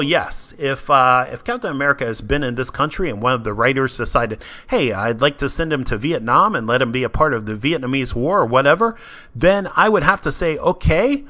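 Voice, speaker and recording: Male narrator with a bright voice, reads legal testimony plainly, taking all the parts himself. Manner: reads every part himself, mostly plain, with small lifts in pitch for quoted lines. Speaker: video essay narrator. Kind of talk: reading a legal transcript aloud.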